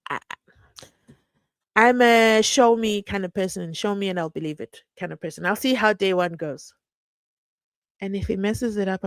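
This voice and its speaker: A woman's voice: lowish voice, vocal fry. A woman talks straight to her live-stream audience, reading comments and spinning anecdotes. Her tone is playful and teasing, and she often laughs at her own jokes. The sound is dry and close, with no room echo. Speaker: livestream host.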